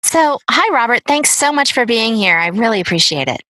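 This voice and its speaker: A woman's voice: fairly high pitch, very animated, a little fast, sharp tone, no room sound. Upbeat woman podcast host. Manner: upbeat, chatty. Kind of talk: podcast interview.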